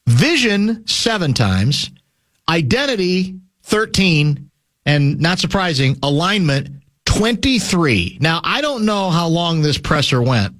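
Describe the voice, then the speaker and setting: A man's voice: on the high side, big pitch swings, slow, fairly bright tone. A man hosting sports talk radio, riffing sarcastically in casual banter and often repeating words as he searches for the next one.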